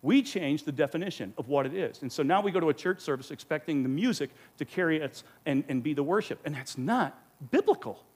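An earnest man teaching a sermon to his congregation. His voice sits a little high and swings widely in pitch. He pushes his points home and fires off rhetorical questions. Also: animated, a little fast. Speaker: pastor teaching a Bible study. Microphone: microphone.

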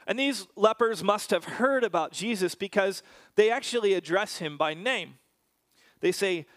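A man's voice: sits high, no echo. A man preaching a sermon, telling a personal story and then explaining a Bible passage in a storytelling manner with frequent fillers and restarts.

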